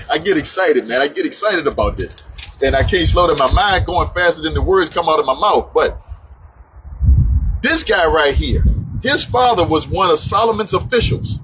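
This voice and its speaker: Male preacher, eager Bible teacher, slightly high voice, dull recording. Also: a little hiss or hum. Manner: animated, stumbles over names, quick to laugh at himself.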